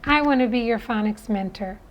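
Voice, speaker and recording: A woman's voice: on the high side, fairly quick, poor audio. A woman giving a spoken phonics lesson as a teacher, talking in an earnest, persuasive way.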